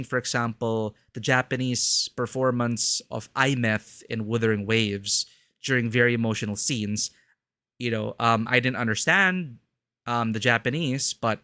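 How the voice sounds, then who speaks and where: A man's voice: mid-range voice, bright, forceful tone, no room sound. A man chatting casually on a live game stream, rambling and cutting himself off mid-thought. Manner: rambling, self-interrupting.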